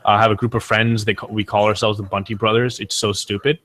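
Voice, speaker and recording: A man's voice: lowish voice, little pitch movement, fast, a bit bright. A man, a streamer and podcast guest, telling stories in casual chat, rambling and swearing with many restarts.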